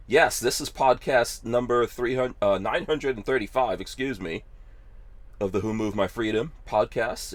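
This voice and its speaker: A man's voice: lowish voice, no room sound. A man hosting a live podcast from his car, casual and joking, laughing easily with his guest. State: tired. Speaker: podcast host.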